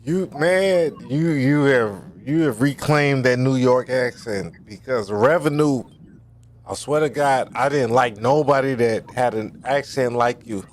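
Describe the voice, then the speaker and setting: A man's voice: medium pitch, measured pace, a little hiss or hum. A man in casual panel talk, bantering loosely and teasing the others by name.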